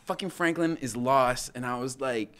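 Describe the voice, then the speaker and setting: A man spins a war story in loose, profane talk, jumping into animated quotes of what he and others said. His voice sits at an everyday middle pitch, and he talks like he's chatting with a friend. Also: moderate pace, clear, resonant tone. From United States. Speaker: podcast guest. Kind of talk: casual storytelling.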